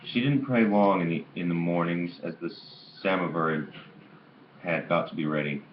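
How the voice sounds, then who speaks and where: A man's voice: low voice, normal speed. A man reading a novel aloud in an amateur way, stumbling and restarting on some words, on a dull lo-fi recording with faint hiss. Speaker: audiobook reader.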